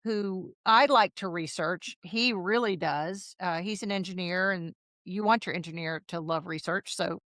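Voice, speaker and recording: A woman in her fifties, a guest on an interview podcast, who tells her stories in a lively way and acts out the dialogue. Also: lowish voice, unhurried, no room sound, studio quality. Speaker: podcast guest, health coach. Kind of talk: casual interview storytelling.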